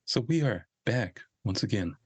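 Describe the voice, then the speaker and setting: A man's voice: on the low side, expressive, unhurried, darkish tone, slightly rough, no echo. A young man hosting a podcast, chatting casually and hesitantly with many fillers. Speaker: podcast host. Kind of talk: casual chat.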